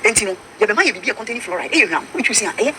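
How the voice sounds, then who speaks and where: A woman's voice: medium pitch, lively intonation, very fast, pushed and bright, slight background noise. A Ghanaian woman pastor with a Ghanaian accent, preaching emphatically and mixing English with Twi. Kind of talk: preaching talk-show discussion.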